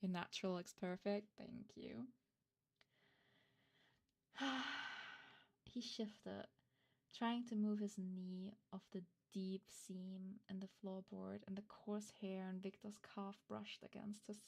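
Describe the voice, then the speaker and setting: A woman's voice: mid-range voice, flat delivery, takes it slowly, creaky, long pauses, a little mellow. A woman streamer, not a native English speaker, reading fan fiction aloud and chatting with viewers in a hesitant, flustered way. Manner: hesitant, flustered, self-interrupting asides. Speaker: streamer host.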